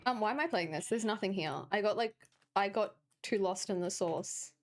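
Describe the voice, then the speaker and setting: A woman's voice: mid-range voice, moderate pace. Chatty sarcastic woman streamer. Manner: chatty, sarcastic, rambling asides. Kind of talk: casual gaming stream chat.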